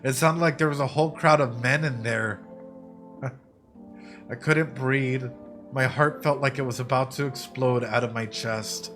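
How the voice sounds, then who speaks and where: Man doing a shaken young survivor in a game, hushed and nervous, low and quiet, soft faint music behind. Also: fairly even intonation, measured pace, lightly acted. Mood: fearful. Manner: hushed and shaken, then pleading and panicky. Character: young frightened survivor recounting an escape.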